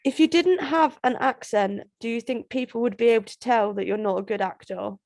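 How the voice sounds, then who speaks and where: A woman's voice: a little high, fairly quick, creaky, darkish tone. A woman co-hosting a podcast, reading out listener questions in a teasing, casual way. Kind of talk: casual chat.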